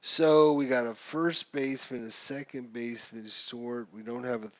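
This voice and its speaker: A man's voice: medium pitch, steady tone, normal speed, no room sound, muffled recording. A man giving casual gameplay commentary while playing a baseball simulation, chatty and thinking aloud as he checks the rules. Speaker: gamer playing a baseball sim.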